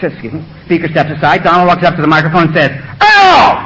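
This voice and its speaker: A middle-aged man telling his recovery story to a meeting, animated and acting out the voices of others. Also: fairly high pitch, rapid-fire, muffled recording, very noisy. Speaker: AA speaker. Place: meeting room with audience.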